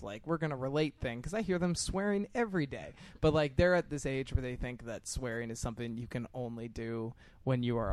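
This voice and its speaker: A man's voice: medium pitch, smooth, dry recording. Young man telling stories with laughs. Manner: animated storyteller, laughs often, acts out kids' taunts. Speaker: podcast co-host. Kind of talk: casual chat.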